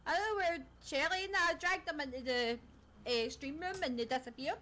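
High-voiced woman streamer. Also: normal speed, bright, forceful tone. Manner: chatty, laughs often, scattered. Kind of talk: casual live-stream chat while gaming.

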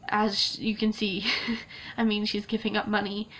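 A woman's voice: mid-range voice, completely flat delivery, unhurried, a bit bright, slight background noise. A young woman vlogging to camera in a casual, gushing way, laughing often and tearing up. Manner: emotional, gushing, laughs often, many fillers. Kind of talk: casual vlog talk to camera.

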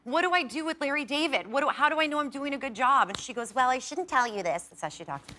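A woman in her thirties, a talk show guest, telling an animated anecdote, acting out dialogue and laughing as she goes. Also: high voice, fast. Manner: animated storyteller who acts out quoted dialogue and laughs often. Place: TV studio.

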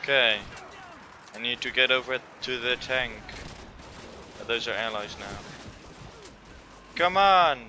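Slow, lively, very bright-voiced swearing gamer man. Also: mid-range voice, slight background noise. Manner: frustrated, constant swearing. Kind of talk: let's play commentary.

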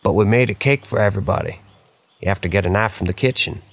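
A man's voice: lowish voice, fast, breathy edge, dry recording, voice pushed up. A man voicing an unseen ghostly presence that poses as an uncle, speaking in a strained, choking way, in a spoken horror story. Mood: insistent. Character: eerie unseen voice posing as a man's uncle.

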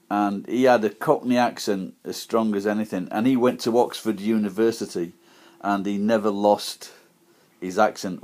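A man with a Sheffield Yorkshire accent, talking casually to an iPad camera in a rambling, halting way with many restarts. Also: on the low side, a little mellow. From Sheffield, England. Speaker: vlogger.

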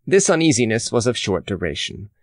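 A man narrating a classic novel in a measured, expressive audiobook reading. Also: medium pitch, no echo, clean studio sound.

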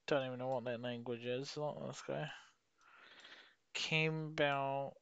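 A young man giving rambling, sweary commentary while playing a geography game, with sudden excited outbursts. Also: medium pitch, slow pace, gravelly, smooth, dry recording, muffled recording. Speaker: gaming YouTuber. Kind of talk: casual gameplay commentary.

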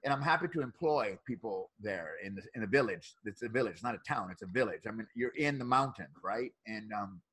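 A man in his fifties telling stories as a podcast guest, energetic, often laughing and repeating his words. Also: fairly low pitch, a little fast, hardly any pauses, husky, poor audio. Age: 50s. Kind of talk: animated storytelling.

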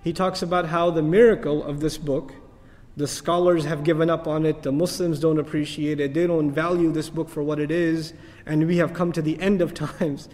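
A man giving an animated religious lecture as an Islamic teacher, telling stories and asking rhetorical questions. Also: a little high, normal speed. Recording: long hall reverb.

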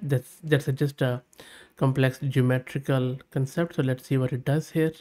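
A man at a middle pitch talks through a screen-recorded tutorial. He narrates each step as he goes and reads his prompts and the results aloud. His verdicts come out upbeat and plain-spoken. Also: little pitch movement, moderate pace, warm tone. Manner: thinks aloud while testing, reads prompts and outputs aloud. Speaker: tech channel host.

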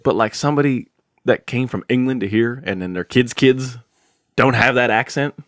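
A young man co-hosting a podcast, musing out loud in a loose, rambling way with lots of fillers. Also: medium pitch, moderate pace, dry recording, clean studio sound. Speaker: podcast co-host. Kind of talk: casual chat.

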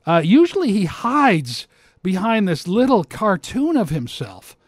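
A commentator with a fairly high voice delivers a casual rant at a measured, sing-song pace, mocking his target and rambling through false starts. The sound is dry and close, without room echo.

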